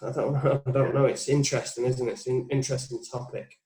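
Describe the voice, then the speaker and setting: A man's voice: medium pitch, little pitch movement, fast, warm tone. A man in his forties, a putting coach, thinking aloud in a reflective, musing way in a casual chat. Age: 40s. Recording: roomy echo.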